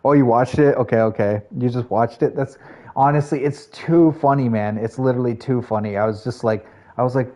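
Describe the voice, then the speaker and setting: A man's voice: medium pitch, fairly even intonation, brisk, darkish tone. A man streaming live, chatting casually with his viewers in a rambling way with lots of fillers. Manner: chatty, rambling, talks to chat, frequent fillers.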